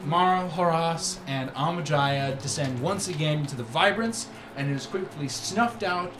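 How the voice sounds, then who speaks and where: A man's voice: on the high side, unhurried, over music. A man narrating as game master, rambling with many "like"s and "kind of"s. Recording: echoey room with background noise.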